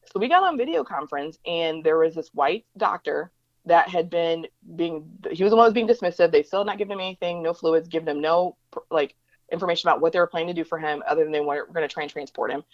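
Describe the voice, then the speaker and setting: A woman talks fast and emphatically as an interview guest, slipping into the voices of people she quotes. Her voice sits somewhat low. The recording is dry and a bit dull and lo-fi. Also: dry recording. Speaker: interview guest, diversity educator. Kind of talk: conversational interview storytelling.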